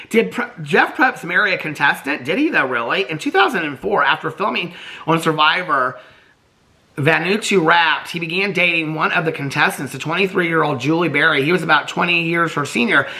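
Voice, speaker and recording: A man's voice: fairly high pitch, vocal fry, sharp tone. A man in his fifties giving casual, sassy commentary on reality TV, swearing freely and acting out the people he quotes. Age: 50s. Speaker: TV reaction vlogger.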